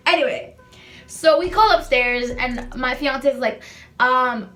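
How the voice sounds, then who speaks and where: A woman's voice: on the high side, measured pace, a bit bright, soft background music. A young woman telling a storytime in casual chat, rambling and sassy, swearing freely.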